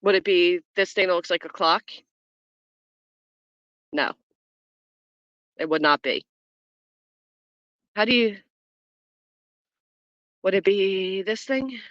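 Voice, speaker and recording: A woman's voice: mid-range voice, slow, pauses often, a bit bright, no echo, dull audio. A woman hosting a casual livestream from home, chatting with her viewers and reacting to the chat in a blunt, foul-mouthed way, laughing often. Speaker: livestream host. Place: at home, early morning.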